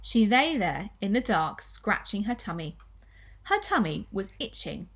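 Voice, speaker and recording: A woman primary school teacher reading a children's story aloud with expressive storytelling. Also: medium pitch, unhurried, husky.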